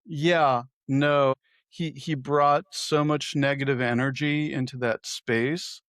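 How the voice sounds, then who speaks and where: A man's voice: mid-range voice, steady tone, slow pace, a bit bright, dry recording, clean studio sound. A man co-hosting a podcast, chatting casually and profanely about politics and telling stories with acted-out quotes. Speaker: podcast co-host.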